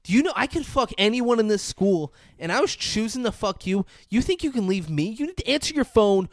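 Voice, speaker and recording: A man's voice: fairly high pitch, expressive, moderate pace, clean tone, dry recording, studio quality, close to an everyday voice. A man voicing a volatile, obsessive teenage boy who leaves ranting voicemails, swinging between threats and pleading. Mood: furious.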